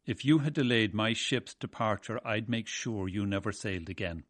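A man's voice: fairly low pitch, moderate pace, fairly bright tone, no room sound. A man voicing a scornful ship's captain with a Welsh accent, snarling with contempt in a dry recording.

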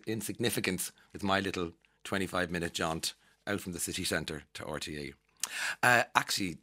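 A man's voice: low-pitched, sharp tone. An Irish man hosting a chatty radio news round-up, self-mocking and laughing while reading out stories. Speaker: radio host.

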